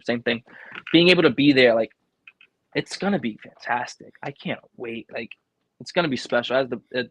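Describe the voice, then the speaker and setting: A young man with a thick New York accent, a wrestler talking casually and excitedly as a podcast guest, swearing freely. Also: medium pitch, no echo.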